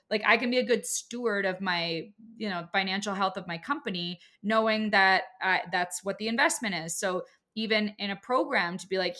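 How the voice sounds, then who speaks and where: A woman's voice: mid-range voice, pushed and bright. A woman in her thirties who runs a business, talking casually and emphatically with lots of filler words. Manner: chatty, frequent "like" fillers, emphatic. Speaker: business owner and course creator. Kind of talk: casual podcast conversation.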